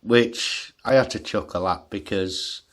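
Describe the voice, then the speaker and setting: A man's voice: fairly low pitch, measured pace. Ranting man, swears and laughs. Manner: agitated, swears heavily, laughs at himself. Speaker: vlogger. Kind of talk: ranting monologue story.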